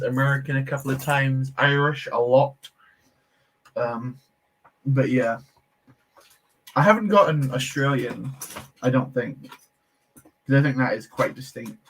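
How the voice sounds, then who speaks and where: Man, unhurried talker, mid-pitched voice, livestream host, chatty, self-deprecating, answers chat while building. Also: a bit bright, a little hiss or hum. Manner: laughs easily, self-deprecating.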